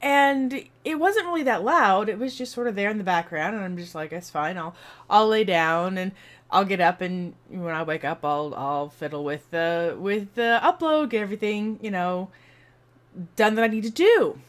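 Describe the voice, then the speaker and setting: A woman streamer chats to her viewers and tells a long, rambling story. She acts out the voices as she goes, with lots of fillers and restarts, in a casual, animated way. Her voice sits at a middle pitch for a woman. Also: normal speed. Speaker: streamer and video host.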